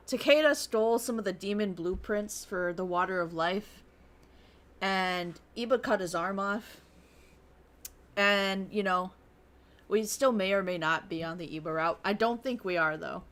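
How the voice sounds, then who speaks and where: A woman's voice: medium pitch, moderate pace, a bit bright. A young woman streaming a visual novel, reading its narration aloud and chatting casually, swearing and laughing as she goes. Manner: chatty, swears freely, laughs, bursts into exaggerated rants. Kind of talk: casual livestream chat and reading game text aloud.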